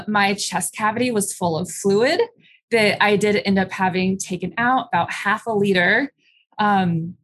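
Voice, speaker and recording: A young adult woman candidly telling her personal story as an interview guest, halting with many fillers. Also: medium pitch.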